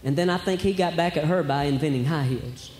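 A man performs stand-up, spinning wry stories and musing rhetorical questions in a high voice. He is captured on a live stage, with a long, roomy hall echo around him and a faint hiss underneath. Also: fairly quick, darkish tone. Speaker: stand-up comedian. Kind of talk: stand-up comedy routine. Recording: echoey hall, faint background noise.

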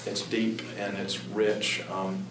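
A man earnestly talking about Christian parenting in a halting, emphatic way. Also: fairly low pitch, little pitch movement, a crowd in the background. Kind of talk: conversational talk. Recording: echoey room, distant mic, background noise.

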